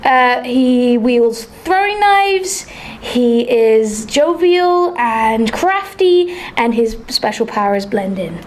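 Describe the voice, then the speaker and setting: A woman leads a tabletop role-playing game as game master, setting scenes and describing the action. Her voice sits fairly high. She tells the story in a lively, chatty way, with the odd filler along the way. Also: takes it slowly, a little hiss or hum.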